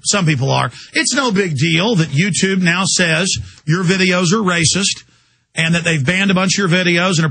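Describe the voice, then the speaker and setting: Fiery, husky-voiced male talk radio host. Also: high-pitched, pushed and bright. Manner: rapid, heated and insistent, with rhetorical questions. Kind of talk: impassioned political monologue.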